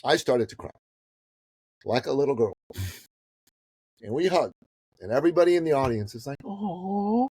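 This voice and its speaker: A man in his fifties from the Middle East, a business coach telling a story as a podcast guest in a casual, animated way that swings between loud and hushed. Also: medium pitch, normal speed, pauses often, husky, no echo, low-quality recording. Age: 50s.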